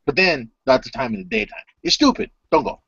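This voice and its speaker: A man voicing an old undead male vampire, a creepy foreign gentleman, speaking in a theatrical, sardonic way with broken grammar in a tabletop role-play. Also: mid-range voice, wildly swooping pitch, brisk, husky, no echo, exaggerated voice. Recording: dull lo-fi recording.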